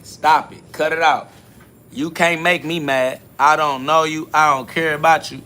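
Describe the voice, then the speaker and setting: A man hosts a solo spiritual podcast, answering listener comments in a blunt, confrontational way. His speech is full of profanity and returns again and again to the same catchphrases. His voice sits a little high and sounds bright and forceful. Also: fairly even intonation, measured pace. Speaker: podcast host.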